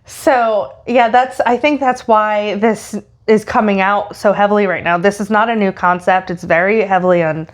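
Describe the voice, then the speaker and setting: A woman's voice: mid-range voice, steady tone, normal speed, few pauses. Woman cohosting a chatty podcast, mid voice, lots of ums. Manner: hesitant, many ums and uhs. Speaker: podcast co-host. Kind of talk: casual chat.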